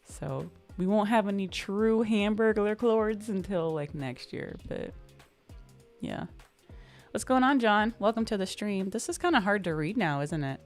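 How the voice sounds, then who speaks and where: A woman hosting a relaxed livestream, chatting casually and answering viewer comments with lots of ums and uhs. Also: medium pitch, soft background music. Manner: relaxed, upbeat, drawn-out fillers. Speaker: livestream host.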